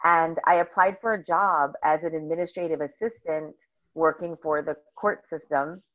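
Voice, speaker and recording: A middle-aged woman from northern New Jersey, a bubbly, animated guest telling stories in a casual interview. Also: deep voice, normal speed. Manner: bubbly, animated storyteller who acts out quotes. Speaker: podcast guest. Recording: slightly dull lo-fi audio.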